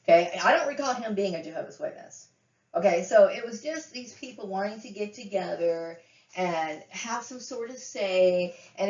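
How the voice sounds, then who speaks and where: A woman's voice: medium pitch, darkish tone. A woman venting in a profane, agitated personal rant to camera, stumbling over restarts and flaring into outbursts. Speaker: vlogger. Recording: roomy, distant, dull lo-fi sound.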